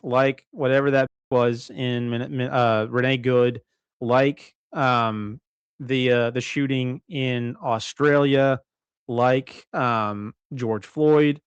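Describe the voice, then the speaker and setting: A man's voice: mid-range voice, fairly even intonation, slow pace, smooth, no room sound, muffled recording. Man, casual livestream commentary, rambling, self-correcting, dry close sound, bedroom. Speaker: livestream co-host.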